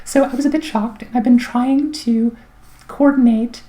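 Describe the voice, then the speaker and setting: Chatty middle-aged woman, mellow voice. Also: on the high side, steady tone, moderate pace. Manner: chatty, rambling, wry, many fillers. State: throat clogged, clearing it often. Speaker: vlogger. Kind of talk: casual personal update.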